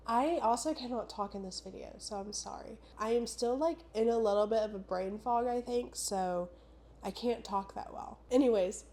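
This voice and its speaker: A woman's voice: on the high side, moderate pace, mellow. A young woman in her twenties, sick and stuffed up, chatting casually and rambling through a book vlog with lots of "like" and "I don't know". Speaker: booktuber.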